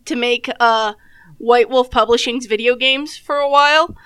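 A woman with a high, bright voice and very crisp clarity chats about games on a podcast. She hesitates often and fills gaps with "uh," with a wry tone. The sound is dry and close. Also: normal speed, dry recording. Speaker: podcast co-host. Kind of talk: casual gaming chat.

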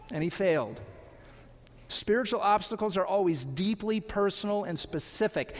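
High-voiced man preaching in echoing hall. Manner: earnest, emphatic preaching with rhetorical questions. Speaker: pastor. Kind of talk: sermon. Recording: long hall reverb.

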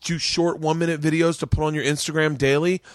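A man's voice: fairly high pitch, level tone, a little fast, no room sound, studio quality. A man hosting a casual podcast chat, talking with enthusiasm and plenty of swearing, often stammering and restarting his sentences. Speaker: podcast host. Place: home studio.

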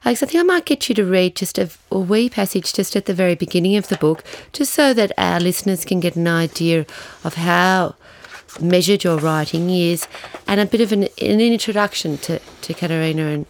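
A woman with a somewhat low voice hosts a conversation with an author. She keeps the talk going with short, affirming interjections and gentle prompts. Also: a little fast. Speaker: events manager interviewer.

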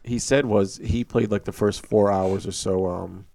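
This man has a low voice with a gravelly edge, recorded dry and close. He chats casually as a podcast guest, rambling a little and filling pauses as he goes. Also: fairly even intonation, warm tone, no echo. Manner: rambling, hesitant with fillers.

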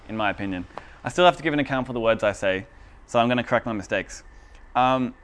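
A man's voice: mid-range voice, fairly bright tone. A man giving a casual, chatty teaching talk in a church room, often asking the audience whether they follow. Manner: chatty and informal, asks the audience for agreement.

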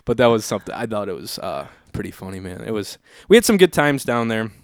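A man's voice: on the low side, very animated, quick pace, clean tone, dry recording, clean studio sound. A man in his twenties hosting a podcast, telling a party story in a laid-back way, swearing freely and using lots of filler words. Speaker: podcast host. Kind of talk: casual storytelling chat.

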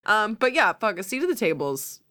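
A woman hosts a loose, casual podcast conversation, her pitch swinging widely as she tells stories. She laughs often and slips into quick acted-out quotes. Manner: animated, laughing storyteller who acts out quotes. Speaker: podcast host. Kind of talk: casual chat.

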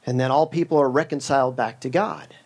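A man's voice: mid-range voice, a little fast, a little mellow, breathy edge. A man preaching a sermon with a humorous story, in a conversational, storytelling way with joking asides.

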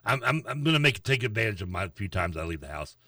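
A man co-hosting a sports talk show, griping with sarcastic exasperation. His voice is very bright and swings widely in pitch. He sits a bit back from the mic in a dry room. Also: big pitch swings, quick pace, dry recording, distant mic. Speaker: sports radio co-host.

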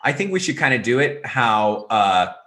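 A man co-hosting a podcast in casual chat, animated, talking in rapid bursts with many fillers. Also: medium pitch. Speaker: podcast co-host. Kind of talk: casual chat about martial arts films.

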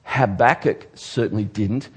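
A man preaching a sermon as pastor, swinging from loud emphasis to hushed, earnest asides. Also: fairly low pitch, unhurried, breathy edge.

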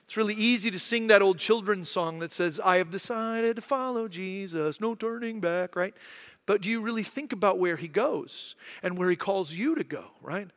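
A man's voice: sits high, normal speed, a bit bright. A man in his thirties preaching a sermon as pastor, conversational and often asking "right?". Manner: acts out quoted voices. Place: church hall. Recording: long hall reverb.

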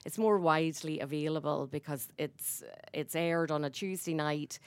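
A woman's voice: low voice, fairly even intonation, normal speed, smooth, no room sound. A middle-aged woman from Northern Ireland with a Northern Irish accent, chatting on stage about her radio career in a self-deprecating storytelling way. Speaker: radio host being interviewed. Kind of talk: live on-stage interview. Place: stage at an awards event.

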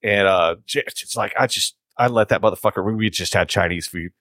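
Profane, low-voiced man telling a story. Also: brisk, fairly bright tone, dry recording, clean studio sound. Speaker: podcast co-host. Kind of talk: crude casual chat. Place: studio.

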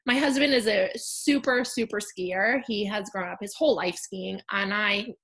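A woman in her thirties telling a personal story in a candid, conversational way, with fillers and soft laughs. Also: medium pitch, moderate pace. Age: 30s. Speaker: storyteller sharing a personal loss.

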